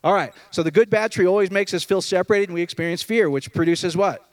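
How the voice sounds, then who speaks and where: A man delivering a casual, conversational sermon, often checking in with his listeners. His fairly high voice swings from loud, excited peaks to hushed low asides. The sound is dry and close, with no room echo. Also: quick pace. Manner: animated, jumps between loud high outbursts and low murmurs; conversational, asks the room questions. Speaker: preacher. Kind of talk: informal sermon to a group.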